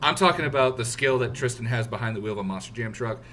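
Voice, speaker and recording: A man co-hosts a chat show and argues his points with emphasis. His voice is bright and forceful, and faint noise sits under the recording. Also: medium pitch, quick pace. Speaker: show co-host. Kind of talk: casual chat.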